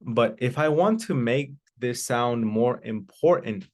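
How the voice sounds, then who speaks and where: A man teaching an English class, explaining slowly and repeating each example, with Spanish translations. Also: mid-range voice, a little mellow. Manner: slow, deliberate repetition of examples. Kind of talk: classroom lesson.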